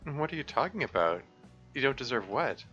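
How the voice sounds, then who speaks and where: A man voicing a caring, earnest teenage girl, club president, speaking in a gentle, pleading, concerned way. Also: medium pitch, big pitch swings, a little fast, dull audio, faint music behind, voice pushed up. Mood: worried.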